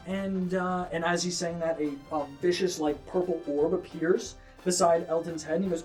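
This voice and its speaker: A man's voice: a little high, steady tone, moderate pace, hardly any pauses, darkish tone, recorded from a distance, faint music behind. A man narrating a tabletop game as game master, in a loose, chatty way full of fillers.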